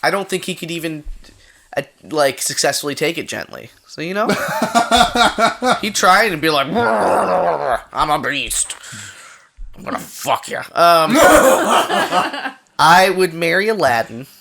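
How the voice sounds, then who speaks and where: A man's voice: a little high, sing-song, a little slow, long pauses, sharp tone. A man on a casual podcast, making goofy, crude jokes and laughing between them. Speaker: podcast co-host.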